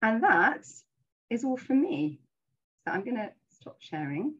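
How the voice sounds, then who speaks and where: A woman's voice: a little high, sing-song, measured pace, husky, highs cut off. A middle-aged woman giving an earnest, reflective webinar talk with frequent fillers, heard over a video call. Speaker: webinar speaker.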